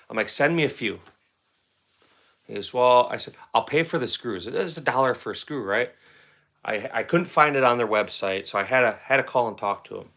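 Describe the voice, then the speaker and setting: Middle-aged male host, bright tone, rambling casual storyteller who repeats himself. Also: lowish voice. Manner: rambling, repeats words, conversational. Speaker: firearms channel host.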